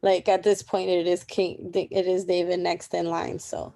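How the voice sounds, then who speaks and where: A woman's voice: on the low side, level tone, a little slow, vocal fry, dark tone. A young woman casually talking through a daily Bible reading, informal and chatty with many asides. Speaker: Bible reading plan presenter. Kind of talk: casual Bible study commentary.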